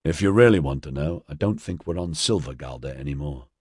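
A man's voice: very deep voice, fairly quick, breathy edge, dry recording, clean studio sound, voice pushed down, full character voice. A man voicing a practical young man on a freezing trek, reasoning things out matter-of-factly. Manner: calm, reasoning, matter-of-fact.

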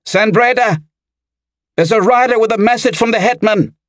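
A man voicing an anxious teenage servant boy in an audiobook, loud and hurried. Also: no room sound, clean studio sound. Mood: urgent. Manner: high, loud and breathless.

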